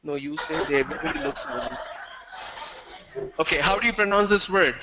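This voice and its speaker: A man's voice: a little high, brisk, very noisy. A man giving an online pronunciation lesson, who drills word lists sound by sound and tells stories to the class over a video call. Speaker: pronunciation trainer.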